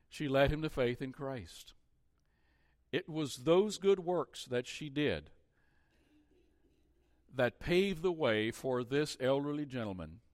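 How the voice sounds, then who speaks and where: A man preaching a sermon as pastor, earnest and measured, often pausing on "uh" and restarting his phrases. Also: medium pitch, no echo, clean studio sound.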